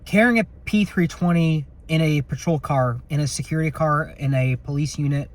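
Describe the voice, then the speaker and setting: Man, slightly higher voice, security guard vlog, rambling, joking, cusses a bit, phone mic in a car. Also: moderate pace. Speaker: security officer vlogger. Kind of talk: casual vlog while on patrol. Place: inside a patrol car at night. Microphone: phone camera in a car.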